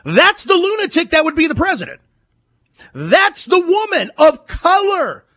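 High-voiced, emphatic talk radio man. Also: big pitch swings, a little slow, bright, forceful tone, no room sound, studio quality. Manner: emphatic, repetitive, mocking. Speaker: radio talk show host. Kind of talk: political talk radio commentary.

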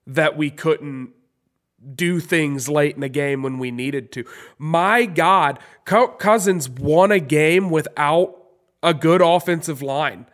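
Congested, rambling sports podcast man. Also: fairly high pitch. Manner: rambling, excitable, many restarts. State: congested from a cold. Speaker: podcast co-host. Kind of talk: casual sports chat.

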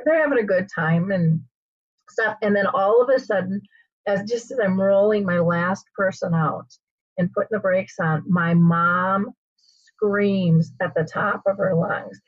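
A middle-aged woman hosting an interview show, telling a story in a lively, chatty way. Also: medium pitch, breathy edge, dry recording, dull audio. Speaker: podcast host.

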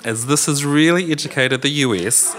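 A man's voice: mid-range voice, normal speed, a bit bright. A man with a New Zealand accent telling a personal story on a live theatre stage, in an earnest, reflective way.

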